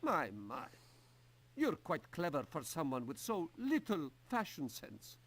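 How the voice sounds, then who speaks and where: A man's voice: a little high, wildly swooping pitch, unhurried, noisy background, exaggerated voice. A man voicing a haughty video game character who poses riddles and mocks the player with theatrical snootiness.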